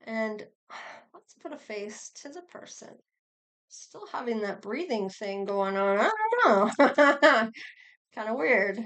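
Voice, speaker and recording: A woman's voice: medium pitch, takes it slowly. A middle-aged woman giving a casual tarot reading, chatty and rambling, with sighs and small laughs. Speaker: tarot reader.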